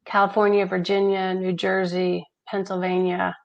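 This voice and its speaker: Woman, mid-pitched guest, storyteller who acts out quoted dialogue. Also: normal speed, creaky, muffled recording. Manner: animated anecdotes, acting out quoted dialogue. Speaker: charity founder, guest. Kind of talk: conversational storytelling interview.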